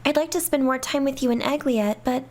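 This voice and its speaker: Woman voicing a lost young girl, earnest and pleading, high voice. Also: a little fast, darkish tone, natural voice. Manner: pleading, sincere. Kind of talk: fan dub of game dialogue.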